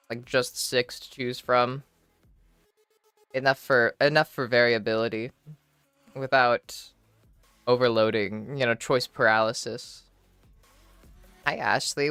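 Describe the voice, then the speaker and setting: A woman livestreaming, chatting casually with her viewers and answering their messages in a relaxed, shy, giggly way with plenty of swearing. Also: extremely low pitch, smooth, no echo. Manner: reads and answers chat messages. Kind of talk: casual chat with stream viewers.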